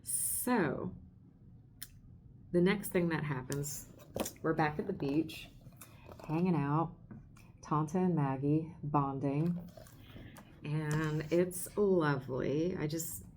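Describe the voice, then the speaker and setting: A woman's voice: deep voice, takes it slowly, long pauses, a little mellow, slight background noise. A woman hosting a podcast in a casual book discussion. She gushes with emotion, laughs often, and trails off into restarts. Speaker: podcast host.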